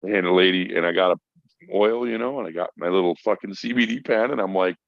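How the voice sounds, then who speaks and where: Gravelly low-voiced man telling a profane story. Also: quick pace, dry recording. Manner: profane, emphatic, animated storyteller. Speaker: podcast guest, mental health worker. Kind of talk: casual storytelling. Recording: dull lo-fi dry sound.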